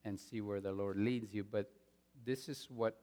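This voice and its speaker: A man preaching a sermon as pastor, stressing points loudly and then dropping to quiet asides. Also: fairly low pitch, steady tone, normal speed. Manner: emphatic, swings between loud stresses and quiet asides. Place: church sanctuary. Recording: long reverb of a large hall.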